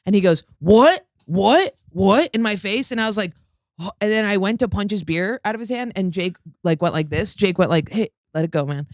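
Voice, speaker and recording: A woman hosts a comedy podcast at a middle pitch. She tells stories in a profane, animated rush. The sound is dry and close, with no room in it. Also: fast, no echo. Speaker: podcast host. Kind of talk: casual comedic chat. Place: podcast studio.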